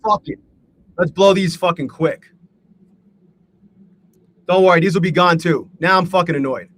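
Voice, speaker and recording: A man with a high-pitched voice hosts a live trading stream and talks to his viewers as he trades. His delivery is a profane, exasperated rant, full of swearing. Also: moderate pace, a bit bright. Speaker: livestream host and day trader. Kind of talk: live trading commentary to chat.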